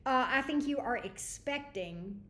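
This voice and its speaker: A woman's voice: high voice, animated, measured pace, sharp tone, a little hiss or hum. A woman hosting a livestream tarot reading, chatty and greeting viewers by name. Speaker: tarot reader. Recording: echoey room.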